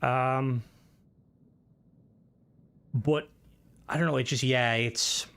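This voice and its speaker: A man's voice: mid-range voice, fairly even intonation, extremely slow, gravelly, a bit bright, clear, resonant tone. A man talks casually while streaming a game, rambling, swearing and restarting his sentences often. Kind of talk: casual gaming stream commentary.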